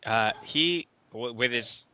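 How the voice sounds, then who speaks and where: Slow, halting man running a tabletop game. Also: mid-range voice, bright, forceful tone, a little hiss or hum, rough recording. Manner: slow, halting narration with many fillers. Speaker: game master.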